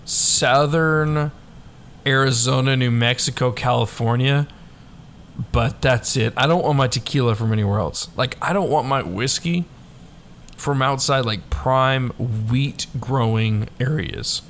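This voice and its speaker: A man's voice: mid-range voice, unhurried, a bit bright, slight background noise. A man co-hosting a whiskey podcast, chatting loosely and joking, swearing now and then. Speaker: podcast co-host. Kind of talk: casual whiskey chat.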